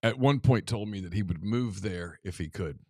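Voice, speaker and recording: A man's voice: normal speed, dry recording, studio quality. A male co-host in a casual chat, acting out the exchanges in his stories. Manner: animated, acts out quoted exchanges with rising pitch.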